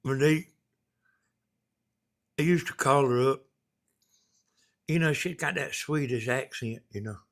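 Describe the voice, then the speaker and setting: A man's voice: mid-range voice, a little slow, creaky, long pauses. A Southern man hosts a live stream in a loose, folksy ramble. He drifts between viewers' messages and his own stories, voice in a middle range. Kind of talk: casual live stream chat.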